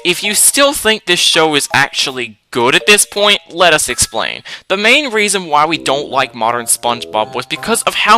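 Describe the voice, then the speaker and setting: A man's voice: fairly high pitch, bright, forceful tone, low-quality recording. A man hosting a countdown of cartoons he dislikes, ranting bluntly and with emphasis. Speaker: list-video host. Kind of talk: opinionated review narration.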